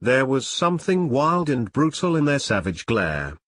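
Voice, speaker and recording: A man narrating an old novel as an audiobook in a steady, measured way. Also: medium pitch.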